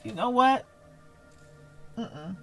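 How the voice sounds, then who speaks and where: A woman's voice: a little high, expressive, drawn-out words, gravelly, a bit bright, faint music behind, heavily acted. A woman playing a shaken mother who curses and breaks off mid-sentence. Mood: stunned. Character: shaken mother learning her enemy is her daughter.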